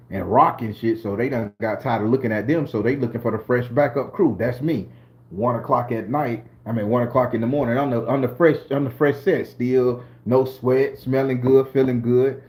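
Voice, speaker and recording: A channel host from southern Florida, middle-aged and with a Southern US accent, recounts a story to camera. His medium-pitched voice is darkish, and his telling is streetwise, slangy and full of profanity.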